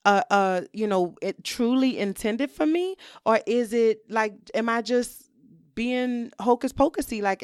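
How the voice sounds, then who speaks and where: A woman's voice: a little high, clean tone, no room sound, studio quality. Candid woman talking on her podcast. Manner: candid, conversational, many "you know" fillers. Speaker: podcast host. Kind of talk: reflective solo podcast monologue.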